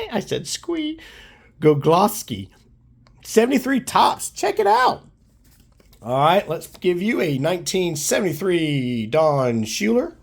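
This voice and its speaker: A hoarse man hosting a card collecting channel, chatting casually and enthusiastically as he opens his mail. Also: fairly high pitch. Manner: upbeat, enthusiastic, shouts out teams. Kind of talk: casual chat opening mail.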